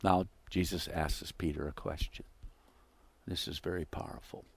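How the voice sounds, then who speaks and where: Low-voiced man preaching a sermon. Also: fairly even intonation, moderate pace, vocal fry, husky, no echo. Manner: dramatic, acts out quoted dialogue with wide swings in loudness.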